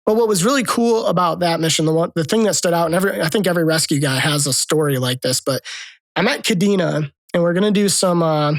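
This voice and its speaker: A man's voice: a little high, fast talker, no echo. A man guest on a podcast, animatedly telling stories full of military jargon and acting out other people's lines. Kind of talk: casual storytelling.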